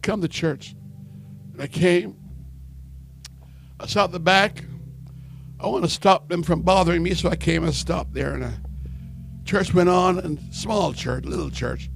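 A man preaching a sermon, telling his conversion story and building from quiet storytelling to shouted fervor. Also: on the high side, a little slow, creaky, pauses often, music in the background. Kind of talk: sermon testimony.

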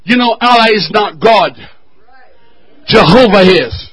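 A male pastor preaching a fiery sermon with call-and-response, building to shouted refrains. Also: high voice, animated, a little slow, breathy edge, low-quality recording.

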